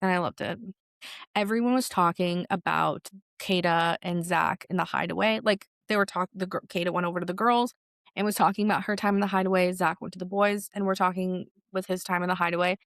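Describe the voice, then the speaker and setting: A young woman hosting a podcast, chatting casually about reality TV in an animated, filler-heavy way. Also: lowish voice, brisk, dry recording, clean studio sound. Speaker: podcast host. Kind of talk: solo pop culture commentary.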